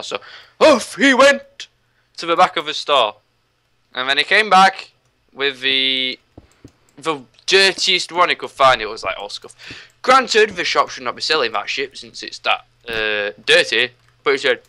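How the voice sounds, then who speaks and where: A young man, hosting a casual gaming chat and telling stories in an animated, ranting way. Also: mid-range voice, unhurried. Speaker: host.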